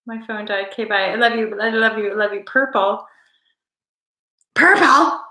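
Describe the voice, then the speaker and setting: Bright, playful woman livestreaming. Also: medium pitch, little pitch movement, fairly quick, echoey room. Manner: rambling, playful, affectionate. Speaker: livestream host. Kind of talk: casual live-stream chat with viewers.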